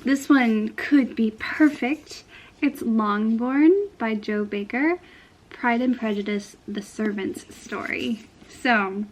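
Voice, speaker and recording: A woman talking casually and softly in a cozy lifestyle vlog, at times dropping to a whisper. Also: on the high side, low-quality recording. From Portland area, United States. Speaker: vlogger.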